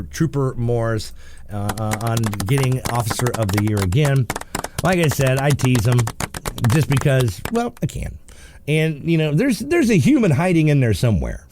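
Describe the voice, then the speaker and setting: A man's voice: mid-range voice, darkish tone, a little hiss or hum. A man hosting a morning radio talk show, joking and teasing, acting out little scenes in put-on voices. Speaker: radio host. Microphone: studio microphone.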